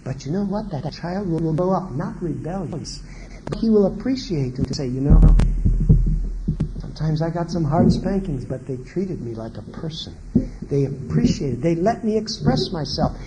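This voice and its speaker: Guy giving a marriage seminar, high voice swinging all over, acts out parents n kids, hissy clicky tape. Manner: animated, asks the audience many questions; acts out quoted parents and children. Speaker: seminar speaker.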